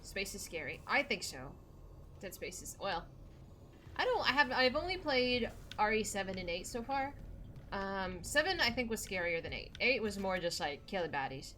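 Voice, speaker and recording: A young woman streaming a scary game, and her pitch jumps all over as she chats with viewers. She is nervous and talkative, and she swears now and then. A faint hiss of background noise sits under her desk mic. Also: very animated, normal speed, pushed and bright. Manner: chatty, jumpy, swears, reads chat aloud. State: nervous, scared. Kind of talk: live gameplay streaming, chatting with chat.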